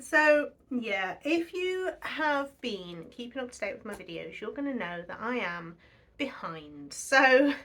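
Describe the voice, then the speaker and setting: A woman's voice: a little high, fairly bright tone. A woman in her thirties chatting casually to camera about budgeting, self-deprecating and laughing often. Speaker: budgeting vlogger.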